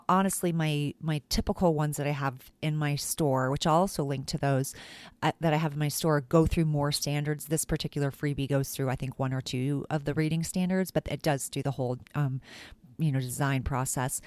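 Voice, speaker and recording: Chatty low-voiced woman teacher, middle-aged, hosting her podcast, animated storytelling, dry close mic. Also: no echo. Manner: animated, chatty, full of "like" and acted-out quotes.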